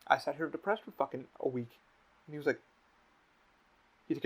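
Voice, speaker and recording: A man's voice: medium pitch, fairly even intonation, a little fast, long pauses, breathy edge. A man hosting a podcast in casual chat, talking candidly and rambling, swearing a lot. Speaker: podcast host. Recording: dull lo-fi audio.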